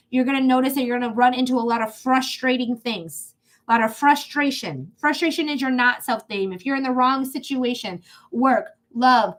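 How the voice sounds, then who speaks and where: A high-pitched woman talks through a live-stream reading in a loose, chatty way. She is blunt and drops swear words casually as she explains things to the viewer. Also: normal speed. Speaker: psychic reader.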